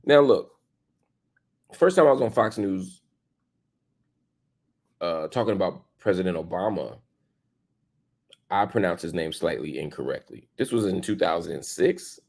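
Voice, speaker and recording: Emphatic, gravelly male commentary host. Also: lively intonation, a little slow, long pauses, a little mellow. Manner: emphatic, rhetorical questions, pitch jumps for stress; slips into casual slang. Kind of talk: opinion commentary monologue.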